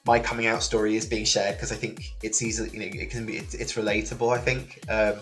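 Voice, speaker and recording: A man from near Liverpool in England, a guest telling his story in a relaxed interview, lively and full of restarts. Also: on the low side, brisk, soft background music. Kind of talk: casual interview chat. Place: remote call from another country than the host.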